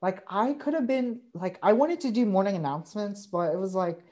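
A woman's voice: mid-range voice, fairly quick, mellow. A young woman hosting a podcast, talking casually with lots of fillers. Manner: chatty, frequent fillers and backchannels. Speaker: podcast host. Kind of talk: casual chat.

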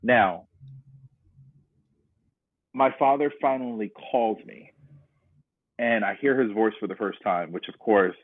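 A man's voice: on the low side, slow, long pauses, no echo. A man from North Carolina telling his personal story as an interview guest, earnest and reflective, often restarting his sentences. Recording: dry tinny phone-like line.

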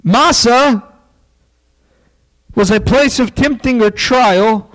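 A man preaching a sermon in a folksy, joking way, dropping into quiet asides. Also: extremely high pitch, slow, poor audio.

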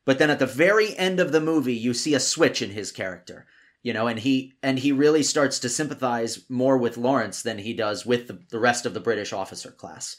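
A man's voice: mid-range voice, fairly quick. A man co-hosting a podcast who gives his opinion of a film casually and confidently.

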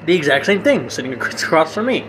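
A man's voice: a little high, big pitch swings, quick pace, fairly bright tone. A young man co-hosting a casual podcast with his brother, musing through ideas with many fillers and restarts. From Hispanic family, grew up in the US. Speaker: podcast co-host. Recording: noisy home recording.

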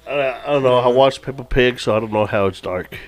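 A man joking in a casual chat with a deadpan manner. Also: medium pitch, a little fast.

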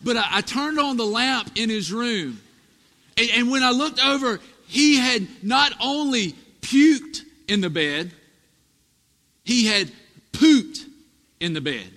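Animated preacher man in echoing hall. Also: very high voice, slow. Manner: storytelling, animated, rising to emphatic peaks. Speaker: pastor. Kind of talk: sermon. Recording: echoey hall reverb.

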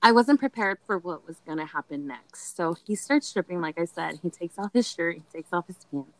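A woman's voice: lowish voice, lively intonation, a little fast, no room sound, low-quality recording. A young woman telling a candid story in casual chat, dramatic and laughing often. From Latin American heritage.

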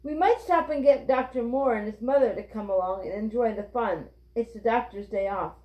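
Storybook grandfather, kindly, calm, reassuring, read by a woman, roomy dull sound. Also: on the high side, moderate pace, natural voice.

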